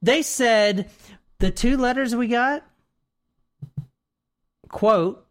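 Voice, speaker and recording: A woman casually talking through a true-crime story on a podcast, animated and profane, mocking the killer in put-on voices. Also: a little high, extremely slow. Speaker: podcast co-host.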